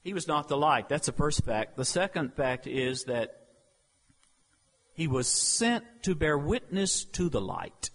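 A man preaching a sermon, slow and emphatic, with dramatic pauses, in a church sanctuary. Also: on the high side, very animated. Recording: long reverb of a large hall.

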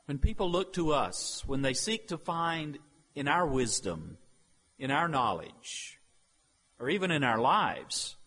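Slow emphatic preacher in a reverberant hall. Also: male voice, medium pitch, fairly bright tone, breathy edge. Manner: slow, emphatic preaching with dramatic pauses and acted quotes. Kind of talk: sermon. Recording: long reverb of a large hall.

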